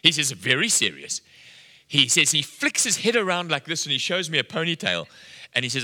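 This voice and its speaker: Lively, bright-voiced preacher in a hall. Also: male voice, fairly high pitch, brisk. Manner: animated storyteller acting out dialogue. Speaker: pastor. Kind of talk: sermon with storytelling. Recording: long hall reverb.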